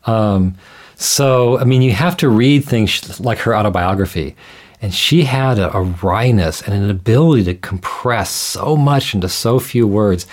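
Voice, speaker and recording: A man explaining ideas in a measured, thoughtful way, often restarting his sentences as he talks things through. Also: fairly low pitch. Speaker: guest scholar. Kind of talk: conversational explanation.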